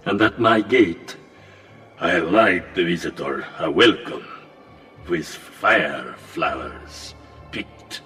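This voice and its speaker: A sinister, menacing storyteller with an extremely deep voice. He speaks with a slow, grandiose menace in a bright tone, as though from a distance. Faint music plays under the radio drama. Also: full character voice. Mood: ominous.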